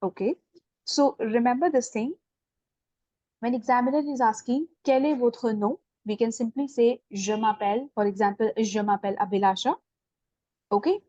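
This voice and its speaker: A woman with an Indian English accent teaches an online beginners' French class, explaining slowly and patiently, asking questions and correcting students. Her voice sits on the high side with a dark tone, and the lo-fi recording has no echo.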